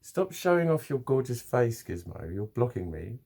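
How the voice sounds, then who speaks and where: Guy rambling to camera, swears a lot, keeps restarting, mid pitch. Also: very animated, moderate pace, gravelly, darkish tone, husky. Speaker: vlogger. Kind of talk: casual rambling vlog to camera.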